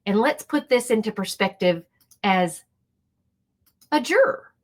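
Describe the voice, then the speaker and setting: A woman's voice: mid-range voice, measured pace. A woman hosting a casual reaction commentary channel, chatty and talking straight to her viewers. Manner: chatty, animated, speaks directly to viewers. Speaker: YouTube commentary host.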